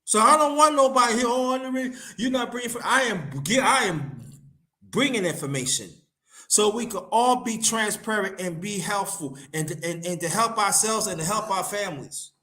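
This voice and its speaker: A man hosting an open talk panel. He speaks in a high, bright voice and sets the rules in a direct, urging way. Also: animated, moderate pace. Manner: urging and direct, with frequent back-channel affirmations. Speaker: panel host.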